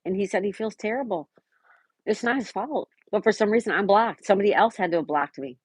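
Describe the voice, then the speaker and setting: A woman hosting a casual live stream, chatting and answering viewers by name, sometimes dropping to a soft whisper. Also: medium pitch, a little fast, slightly rough, dry recording.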